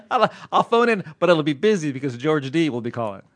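A man's voice: fairly high pitch, no room sound. A man hosting a podcast in casual, jokey banter, self-mocking and laughing often. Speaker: podcast host.

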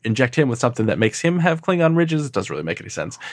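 A man's voice: mid-range voice, sing-song, rapid-fire, no room sound, studio quality. A man co-hosting a podcast in casual chat, recapping an episode in a rambling way full of fillers. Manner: rambling, filler-heavy recap with frequent laughs. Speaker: podcast co-host.

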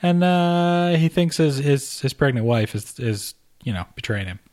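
A man's voice: fairly high pitch, animated, measured pace, a little mellow. A man co-hosting a podcast, talking casually about a film in a wry, joking way with stammered restarts. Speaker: podcast co-host.

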